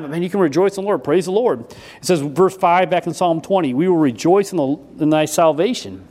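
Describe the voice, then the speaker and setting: Guy preaching in a church, kinda high voice, folksy, keeps restarting lines, loud then quiet. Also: lively intonation, brisk. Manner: folksy, repeats himself with restarts; swings between loud emphasis and quiet asides. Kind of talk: sermon.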